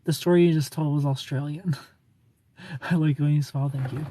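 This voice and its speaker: A man's voice: a little high, fairly even intonation, a little fast, mellow, dry recording. A tired man chatting casually on a live stream, rambling, joking and greeting viewers by name.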